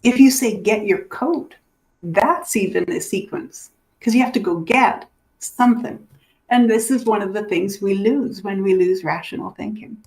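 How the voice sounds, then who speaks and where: Woman dementia educator, lively storyteller, voices the people she describes. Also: medium pitch, moderate pace. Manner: animated, acts out the people in her stories. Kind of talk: teaching through stories.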